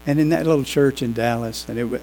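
A pastor preaching a sermon, telling lively stories and acting out the people in them. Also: male voice, mid-range voice, fast, slight background noise, poor audio. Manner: animated, acts out quoted voices. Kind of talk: sermon with storytelling.

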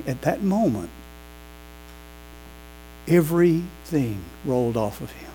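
A pastor preaching a sermon, telling lively stories and acting out the people in them. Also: male voice, on the high side, measured pace, pauses often, a little hiss or hum, low-quality recording. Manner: animated, acts out quoted voices. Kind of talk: sermon with storytelling.

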